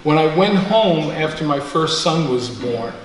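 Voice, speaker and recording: A man in his sixties tells self-deprecating personal stories to a live group, animated and laughing often. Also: a little high, measured pace. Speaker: storyteller guest. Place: community center room. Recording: echoey room, mic far off, faint noise.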